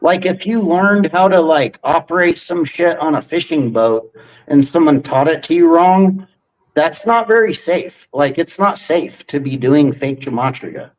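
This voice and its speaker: A young man hosting a livestream, talking in a rambling, profane, halting way. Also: on the high side, animated, low-quality recording. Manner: rambling, profane, hesitant restarts. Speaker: stream host. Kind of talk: casual livestream chat.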